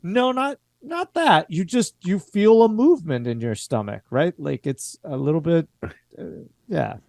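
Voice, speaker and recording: A man's voice: fairly high pitch, expressive, measured pace, vocal fry, darkish tone, dry recording. A man narrating as game master, rambling and hesitant, with many filler words.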